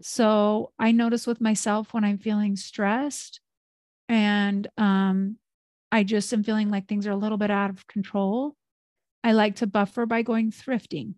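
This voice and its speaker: A woman co-hosting a casual podcast, openly sharing her own habits in a relaxed, conversational way. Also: medium pitch, measured pace, no room sound, studio quality. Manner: open, shares personal habits, relaxed filler-laden speech. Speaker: podcast co-host.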